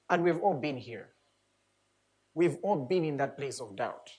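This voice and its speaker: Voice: medium pitch, big pitch swings, normal speed, pauses often, a little mellow. Emphatic preacher repeating rhetorical questions. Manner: reads scripture aloud, then comments. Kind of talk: sermon.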